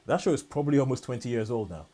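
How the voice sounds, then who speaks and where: Male podcast co-host, mid-pitch, rambling and eager, trips over his own sentences. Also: lively intonation, racing, mellow. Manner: rambling, restarts sentences often. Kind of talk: casual chat.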